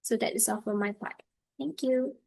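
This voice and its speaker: A woman student presenting her part of a class project, halting and using fillers as she explains. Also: on the high side, steady tone, gravelly, noisy background. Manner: halting, with fillers and slow stretches.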